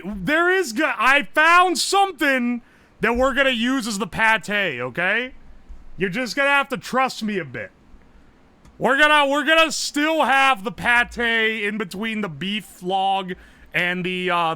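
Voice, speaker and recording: A man streaming live, chatting casually, loud and profane, yelling nearly every phrase. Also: very high-pitched, clear, resonant tone, dry recording. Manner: brash and profane. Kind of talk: casual livestream chat.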